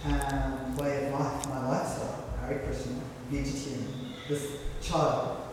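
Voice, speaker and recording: A man in the audience asking an excitable question, laughing between points. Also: mid-range voice, a little slow. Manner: excitable, laughing asides, animated. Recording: distant, very echoey hall with ambient noise.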